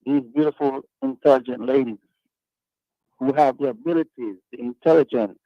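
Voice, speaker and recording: A man's voice: mid-range voice, moderate pace, no echo. A man hosting a radio talk panel, arguing his points in an emphatic, preachy way. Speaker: radio talk show host. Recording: dull lo-fi radio sound.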